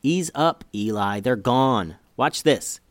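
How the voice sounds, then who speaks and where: A man's voice: medium pitch, lively intonation, takes it slowly, no echo. A man voicing a clever little girl who teases her brother in a matter-of-fact way, in a children's story. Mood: coaxing.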